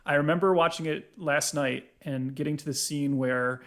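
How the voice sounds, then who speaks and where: A man's voice: on the high side, steady tone, normal speed, fairly bright tone. A man co-hosting a film podcast, making his case with emphatic points and rhetorical questions. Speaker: podcast co-host. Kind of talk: casual film review chat.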